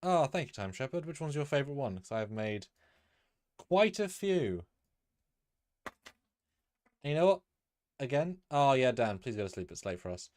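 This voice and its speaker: A man's voice: mid-range voice, sing-song, fairly quick, darkish tone, no echo, clean studio sound. A man hosting a casual live stream, rambling with lots of fillers and restarts.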